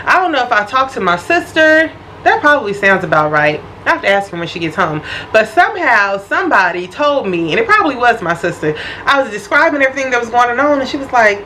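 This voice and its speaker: A young woman vlogger telling a personal story in an animated, expressive, casual way. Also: on the high side, quick pace, slight background noise, low-quality recording. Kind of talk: storytime vlog.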